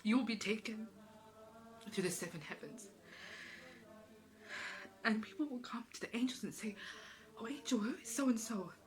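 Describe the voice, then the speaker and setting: A woman's voice: fairly high pitch, moderate pace, pauses often, low-quality recording. A woman giving an earnest, emotional religious talk, repeating phrases for emphasis. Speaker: Islamic speaker.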